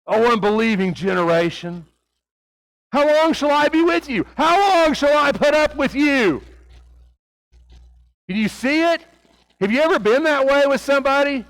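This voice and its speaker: This sermon comes from a man with a high voice and a light Oklahoma Southern accent, who swings from hushed to raised tones while asking his congregation rhetorical questions. The audio is poor, with no room sound at all.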